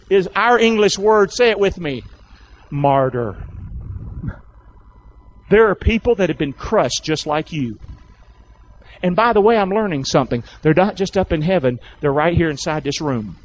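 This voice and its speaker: A male pastor with a high-pitched voice delivers an animated sermon to a full church. He keeps calling out to the congregation and pressing them to respond. The recording sounds dull and lo-fi. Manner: animated, coaxing calls to the congregation.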